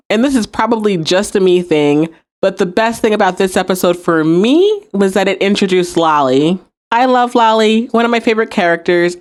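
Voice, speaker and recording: A woman hosting a podcast, recapping and reviewing a TV episode and acting out quoted lines. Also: medium pitch. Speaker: podcast host.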